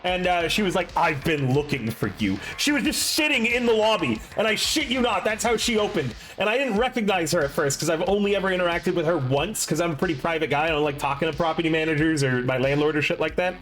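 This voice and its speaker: A man's voice: sits high, fairly bright tone. Rambling casual streamer man, music behind. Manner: rambling, self-deprecating, quick asides. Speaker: streamer and game master.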